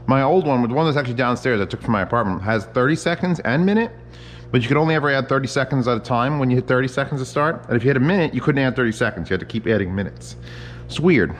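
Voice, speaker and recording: Man, home kitchen, rambling cooking chat, swears freely, mid pitch, faint background hiss. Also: big-room sound. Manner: rambling, profane, chatty asides. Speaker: home cook vlogger. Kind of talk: casual cooking vlog.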